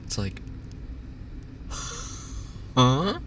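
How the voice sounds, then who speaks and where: A male streamer rants in a loose, exasperated way, swearing and laughing as he vents. He talks at an unhurried, drawn-out pace into a binaural dummy-head mic, with a faint hiss underneath his voice. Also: medium pitch. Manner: animated, exasperated ranting with laughs and profanity. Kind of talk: casual ranting chat.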